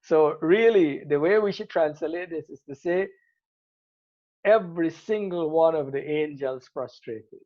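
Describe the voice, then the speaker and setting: A man's voice: fairly high pitch, a little slow. A man teaching Arabic grammar from Quranic verses, patiently explaining and repeating words for emphasis. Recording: tinny phone-like sound.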